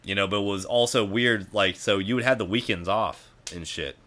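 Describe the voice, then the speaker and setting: A young man with a deep, low-pitched voice chats casually and tells stories. He swears constantly and rambles, leaning on fillers like "like" and "you know.". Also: moderate pace, a bit bright. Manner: profane, rambling storytelling with many fillers. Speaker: podcast guest. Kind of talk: casual chat.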